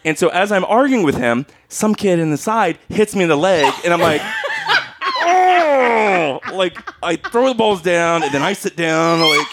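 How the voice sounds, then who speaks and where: A man as a podcast guest, telling a funny story casually and acting out his own yelling. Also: high-pitched, normal speed, few pauses, very noisy.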